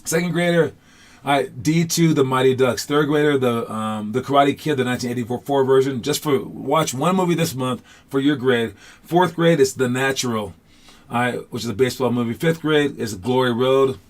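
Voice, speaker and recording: A man's voice: mid-range voice, moderate pace. A man coaching basketball in a casual online class, loose and chatty with many fillers, upbeat and encouraging.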